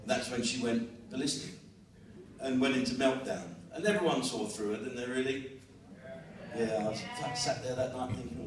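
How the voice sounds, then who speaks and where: A man's voice: medium pitch, normal speed, a crowd in the background. A man in his fifties with a South London accent, performing a brash, crude stand-up routine full of swearing. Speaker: stand-up comedian. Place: live venue with an audience. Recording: echoey venue audio from far off.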